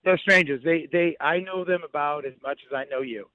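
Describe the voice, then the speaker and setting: A young man calling in by phone, retelling a frightening night in halting, restart-filled speech. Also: fairly high pitch, no room sound. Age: young adult. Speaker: phone-in guest. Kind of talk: emotional first-hand account. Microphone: phone call. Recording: muffled phone line.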